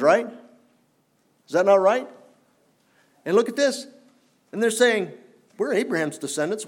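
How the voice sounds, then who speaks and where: A man preaching a sermon in an earnest, challenging way, rising for emphasis and dropping low. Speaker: pastor.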